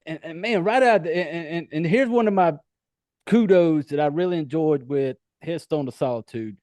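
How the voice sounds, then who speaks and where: A man's voice: fairly high pitch, normal speed, darkish tone, no room sound. A man with a Southern US accent hosting a podcast interview, chatty, laughing often and swearing freely. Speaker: podcast host. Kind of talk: casual interview chat.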